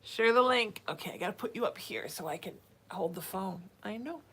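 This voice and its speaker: A woman's voice: medium pitch, expressive, a little fast, a bit bright, a little hiss or hum. A woman psychic hosting a casual live stream, reading out viewer names and cooing at her cat between readings. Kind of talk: casual livestream chat.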